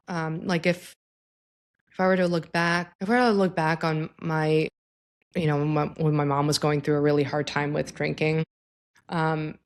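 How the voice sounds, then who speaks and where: A woman psychologist with a low-pitched voice gives advice in a casual, explanatory talk. She speaks informally and addresses the listener directly, using tag questions.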